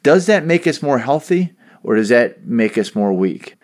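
A man's voice: mid-range voice, big pitch swings, moderate pace. A man hosting a podcast, asking long, thoughtful, probing questions. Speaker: podcast host. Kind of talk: interview questions.

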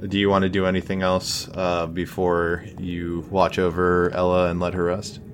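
A man narrating as game master of a tabletop game, halting, with many fillers. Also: deep voice, monotone, slight background noise.

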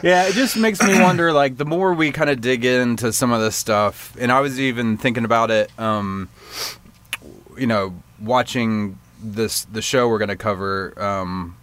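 A man's voice: medium pitch, normal speed, a bit bright. A man co-hosting a casual podcast, easygoing and thoughtful, musing aloud in a loose, rambling way. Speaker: podcast co-host. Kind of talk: casual chat.

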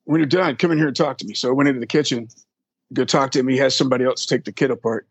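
Husky-voiced man telling road stories. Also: medium pitch, steady tone, racing, dry recording, dull audio. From Texas. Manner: rambling, profane, acts out quoted people. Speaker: drum tech. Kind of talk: casual storytelling interview.

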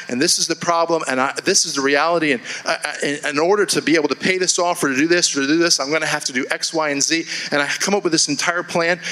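A man's voice: fairly high pitch, pushed and bright, rough recording. A male pastor preaching a sermon to a congregation, talking conversationally, restarting phrases and acting out quoted inner voices. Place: church with a congregation.

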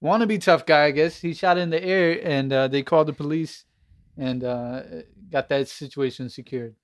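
A man relaxes into a story among friends and takes his time with it. His voice sits slightly high. The delivery stays conversational throughout. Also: moderate pace, smooth. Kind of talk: casual chat among friends.

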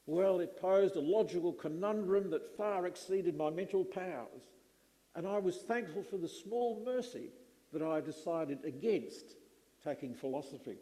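Slow emphatic preacher man, echoey hall. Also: high voice, expressive, mellow. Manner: slow, emphatic delivery with dramatic pauses. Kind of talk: sermon.

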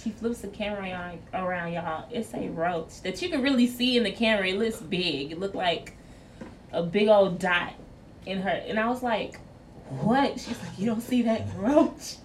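A woman co-hosting a radio talk show, chatting casually and telling animated stories. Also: medium pitch, moderate pace. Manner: animated storyteller. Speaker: radio co-host. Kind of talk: casual chat. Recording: distant mic with clear noise.

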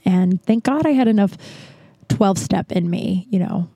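A woman's voice: mid-range voice, lively intonation, measured pace, mellow, dry recording. A woman hosting a podcast, telling a personal story in a rambling, confessional way with wry, self-mocking asides. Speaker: podcast host. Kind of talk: candid personal monologue.

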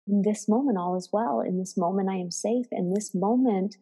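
A woman's voice: mid-range voice, normal speed, warm tone, breathy edge, in a large hall. A woman co-hosting a podcast in casual, reflective chat, often laughing. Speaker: podcast co-host.

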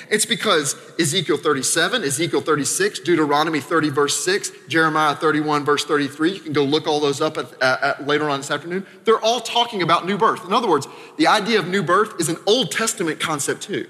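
A man from Arkansas preaches a sermon in a church sanctuary, his voice bright and a little high. He talks conversationally, tossing in quick asides and then dropping suddenly quiet. Long reverb from the hall trails every phrase. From Arkansas, American South. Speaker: pastor.

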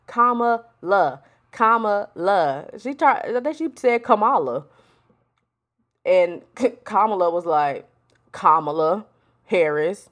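A woman hosting a solo podcast, talking in a blunt, sassy, profane casual way. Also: mid-range voice. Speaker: podcast host. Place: home, with a storm outside.

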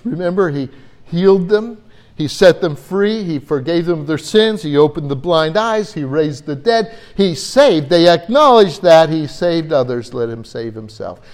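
A man's voice: on the high side, a little mellow. A man preaching a Bible-teaching sermon in an earnest way, often repeating words as he gathers his thoughts.

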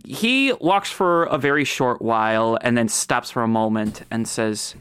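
A man running a tabletop game, narrating slowly and with a loose, offhand delivery. His voice is clear and smooth. The sound is dry and close. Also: medium pitch, lively intonation, a bit bright, no echo. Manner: unhurried, filler-laden narration. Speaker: game master.

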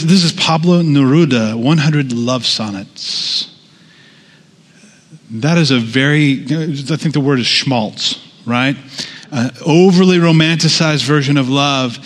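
A man's voice: medium pitch, slow pace, pauses often. A man preaching a sermon in a conversational way, with asides and restarts. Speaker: pastor. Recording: long hall reverb.

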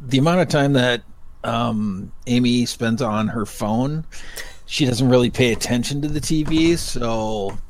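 A man's voice: mid-range voice, measured pace, a little hiss or hum, poor audio. A man in a casual chat among friends, making short, laconic remarks. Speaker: podcast co-host.

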